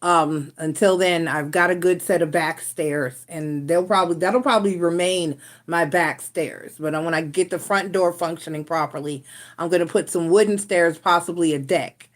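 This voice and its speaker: A woman's voice: lowish voice, normal speed. Frustrated woman chatting on a live stream. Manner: rambling, frustrated, with restarts and sighs. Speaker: tarot reader and live stream host. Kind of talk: casual live stream chat.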